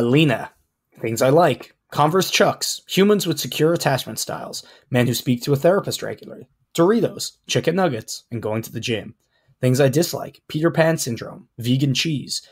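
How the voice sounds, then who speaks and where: A man co-hosting a podcast in casual chat, reading things aloud with a blunt, wry, deadpan delivery. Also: mid-range voice, normal speed, husky. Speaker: podcast co-host.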